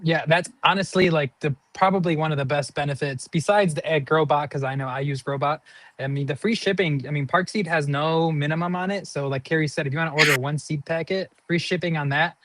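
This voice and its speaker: A man appearing as a guest on a live gardening stream, talking in a relaxed way with many fillers. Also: a little high, brisk, a little hiss or hum. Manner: easygoing, filler-heavy promo talk. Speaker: guest from a garden products company.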